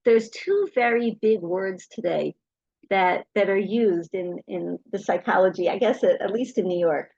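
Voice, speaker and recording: A woman's voice: medium pitch, measured pace, vocal fry, no room sound, muffled recording. A middle-aged woman telling anecdotes to an audience, acting out the voices of the people in her stories. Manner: lively anecdotal storytelling, acts out quoted voices. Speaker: speaker. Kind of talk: storytelling talk to an audience.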